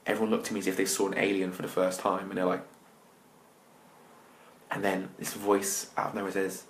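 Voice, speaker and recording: English man, fairly low voice, lively storyteller, speaks straight to the audience, faint hiss. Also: brisk, long pauses. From England. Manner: lively, acts out scenes and talks to listeners directly. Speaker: motivational speaker. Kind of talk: storytelling talk.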